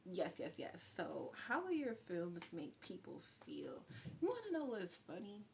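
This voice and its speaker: A woman doing a live tarot reading, talking in a chatty, effusive way and sometimes dropping to a soft whisper. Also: on the low side, wildly swooping pitch, a little slow, a little hiss or hum. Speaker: tarot reader.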